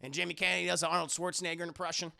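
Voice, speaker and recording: Bright, gravelly male streamer. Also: sits high, rapid-fire. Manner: animated, swears freely, laughs often, addresses chat. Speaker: streamer reviewing a film with live chat. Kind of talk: casual live-stream commentary.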